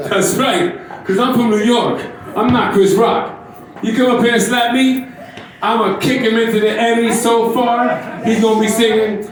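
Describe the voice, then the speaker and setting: Loud profane stand-up guy in his 50s, kinda high voice, super echoey club, sounds far from the mic. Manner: brash, profane, crowd-baiting. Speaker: stand-up comedian. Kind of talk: stand-up comedy set. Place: comedy club stage.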